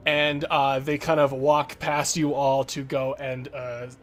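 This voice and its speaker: A man's voice: mid-range voice, flat delivery, slow. A man narrating as game master of a tabletop game in a loose, rambling way, with lots of fillers.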